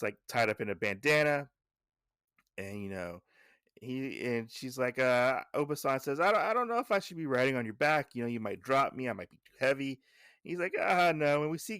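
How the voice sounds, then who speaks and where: A man's voice: mid-range voice, a bit bright, no echo, studio quality. A man hosting a podcast, casually recapping a comic issue with lots of fillers and side thoughts. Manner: rambling, filler-heavy, digressive. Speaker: podcast host.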